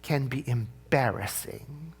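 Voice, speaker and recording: A male minister giving a sermon, animated, with playful asides and gentle slowdowns. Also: medium pitch, slightly rough.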